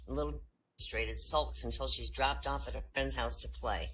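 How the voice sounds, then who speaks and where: A woman comedian telling jokes in an animated storytelling manner, slipping into character voices, in an online voice room. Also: rumbling low, normal speed, low-quality recording. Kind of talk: stand-up joke telling.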